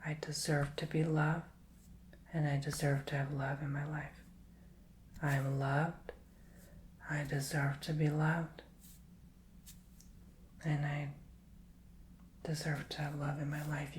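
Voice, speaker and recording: A man giving a soft-spoken ASMR tarot reading, gently encouraging the listener and slipping often into a whisper. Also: a little high, little pitch movement, takes it slowly, pauses often, slight background noise. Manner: affectionate, emotional cheering on the listener. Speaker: tarot reader and ASMR host.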